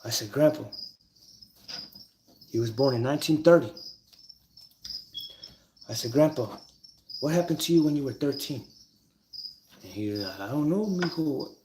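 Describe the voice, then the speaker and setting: A man's voice: medium pitch, moderate pace, pauses often, noisy background. A man telling stories and teaching a numbers trick in a casual, profane, emphatic way. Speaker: numerology teacher. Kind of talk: casual storytelling monologue.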